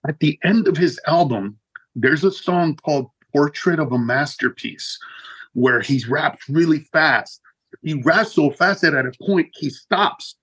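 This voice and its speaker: Male comic guest, raspy-edged voice, lively and profane storyteller. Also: a little slow, rough recording. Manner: animated, profane, jumps high in pitch for punchlines. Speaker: guest comedian. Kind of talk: storytelling in a casual interview.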